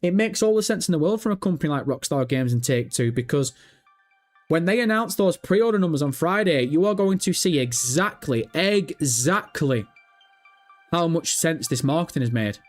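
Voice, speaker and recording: Excitable sweary British streamer. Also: male voice, a little high, a little fast, soft background music. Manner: excitable, sweary, banters with chat. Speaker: livestream host. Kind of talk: casual livestream chat.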